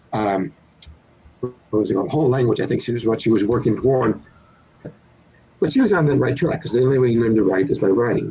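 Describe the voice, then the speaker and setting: Husky older man explaining thoughtfully. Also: medium pitch, dark tone, low-quality recording. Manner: thoughtful, playful with word sounds, explains by examples. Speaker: children's author, guest. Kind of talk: relaxed interview answers.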